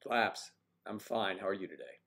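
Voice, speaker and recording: An American man hosting a casual livestream from home, reading viewer comments with playful, teasing banter. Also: moderate pace. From United States. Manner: playful, teasing, animated jumps in pitch. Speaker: livestream host.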